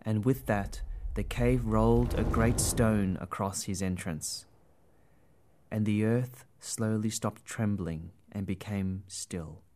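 A man narrating a storybook tale in a gentle, expressive way. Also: on the low side, slow, background noise.

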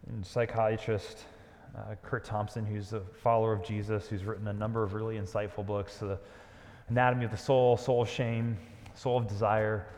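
A man preaching a sermon, dramatic and conversational, dropping to a hush on key lines. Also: on the low side, flat delivery, moderate pace, big-room sound. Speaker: pastor.

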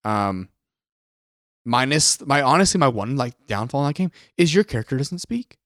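A man chatting on a podcast with a lively, bouncing voice, rambling along with many "like" fillers. His pitch leaps around as he drifts into playful impressions. The sound is dry and close. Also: moderate pace, no echo. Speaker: podcast co-host. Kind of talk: casual chat.

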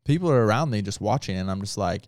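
A man's voice: lowish voice, animated, fast talker, a little mellow, no echo, clean studio sound. A man who is a pastor, talking casually and earnestly with lots of filler words. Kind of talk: casual podcast talk.

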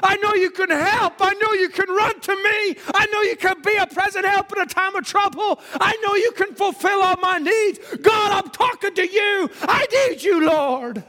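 A man's voice: sits high, moderate pace, vocal fry, pauses often, voice pushed down. Figure: a preacher acting out a desperate man hollering prayers. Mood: desperate pleading. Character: anguished praying middle-aged man, desperate.

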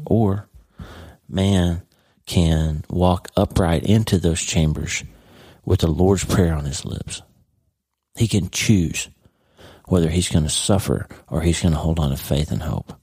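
A man's voice: low-pitched, mellow, slightly rough, dry recording. A middle-aged man hosting a podcast, talking earnestly and heartfelt straight to his listener in a personal monologue. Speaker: podcast host.

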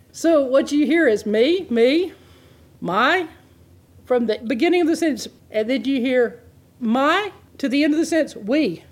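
Lady preacher giving a sermon, kinda high voice, laughs a lot. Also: unhurried. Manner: animated, laughs often, reads scripture aloud.

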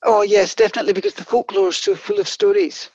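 A woman historian with a Scottish accent, telling stories in an expressive, chatty way as an interview guest. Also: medium pitch, fast talker, no echo. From Scotland. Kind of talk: animated storytelling interview answers. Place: office in Orkney. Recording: dull, dry lo-fi audio.

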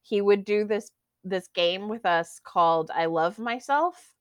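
Young woman, casual chat, animated storyteller, middle-pitched, dry close sound. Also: unhurried, clear, resonant tone, dry recording. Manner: animated storyteller, imitates teachers. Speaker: guest actor.

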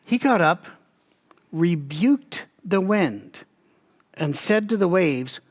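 Man with a slightly high voice for a relaxed, lively Bible-study teaching read, addressing the audience directly. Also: a little slow. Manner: animated, talks to listeners directly, frequent restarts.

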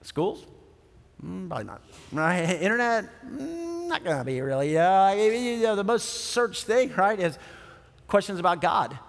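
A man's voice: high-pitched, sing-song, a little slow, gravelly, in a large hall. A man preaching a sermon in a conversational way, often checking in with the audience by asking "right?". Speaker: pastor.

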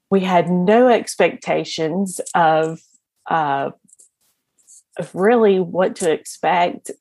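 Woman podcast guest, low-ish gravelly voice, unhurried, chatty, laughs a lot. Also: dry recording. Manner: laughs often while talking; rambling, with many fillers and restarts. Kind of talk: casual interview storytelling.

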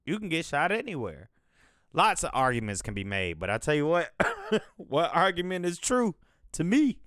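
A man's voice: on the high side, wildly swooping pitch, moderate pace, a bit bright, clean tone, no room sound, studio quality. A man hosting a podcast, talking in a loose, profane, rambling way as he thinks aloud. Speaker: podcast host. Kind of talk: casual rambling commentary.

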